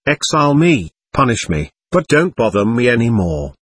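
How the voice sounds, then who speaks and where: A man's voice: medium pitch, big pitch swings, normal speed, a bit bright, husky, no room sound. A man reading as Dmitry, a furious accused man. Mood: indignant. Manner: indignant, rising outbursts. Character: furious accused young man, proud and bitter.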